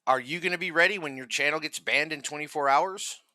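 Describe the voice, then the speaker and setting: A man's voice: on the high side, fairly quick, bright, forceful tone, no room sound. A man hosting reaction commentary, ranting furiously and mockingly with constant swearing. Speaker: commentary host.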